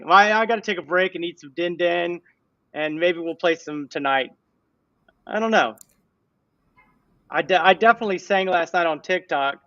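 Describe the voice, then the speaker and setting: A man's voice: fairly high pitch, pushed and bright, no room sound, distant mic, muffled recording. A man hosting a casual livestream chat, playful and giggly, breaking into goofy little songs. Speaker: livestream host.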